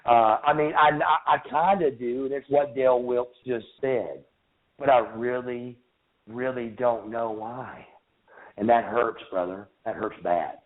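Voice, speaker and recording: A man in his thirties speaks haltingly, stumbling and repeating himself as he recalls a painful memory. He comes through a tinny phone line with a narrow, boxy sound. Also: medium pitch, fairly even intonation. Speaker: guest. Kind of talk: emotional interview recollection. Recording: phone-line call-in audio.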